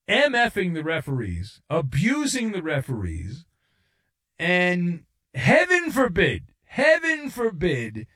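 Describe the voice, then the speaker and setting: A middle-aged man on sports talk radio, riffing sarcastically through an opinionated monologue. His pitch sits a bit high and swings widely, leaping up for mock outrage and dropping low for asides. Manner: sarcastic, mocking voices and rising to shouts.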